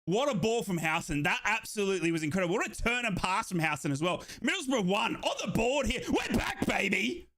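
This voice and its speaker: Young male fan streamer, high bright voice, yelling and breathless, live match watchalong commentary. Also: lively intonation, fast, few pauses. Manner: shouting, euphoric, breathless bursts.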